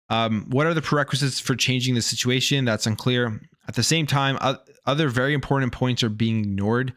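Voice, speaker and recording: A male gaming news streamer talks in a loose, opinionated way, stumbling over his words and circling back to restart sentences. His voice sits at an ordinary middle pitch. The sound is dry and close, with no room echo. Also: fairly bright tone. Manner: rambling, restarts and repeats words. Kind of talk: casual opinionated commentary.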